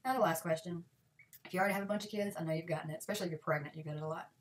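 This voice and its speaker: A woman, giving sarcastic comic advice in a lively way. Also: fairly low pitch, racing, far from the mic, a little hiss or hum. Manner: sarcastic, lively, switches into mock voices. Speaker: comedy vlogger.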